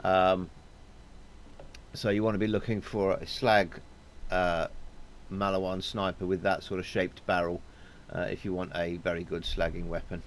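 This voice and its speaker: A man giving relaxed, chatty let's play commentary over a video game. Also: deep voice, normal speed, pauses often, slight background noise. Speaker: game streamer.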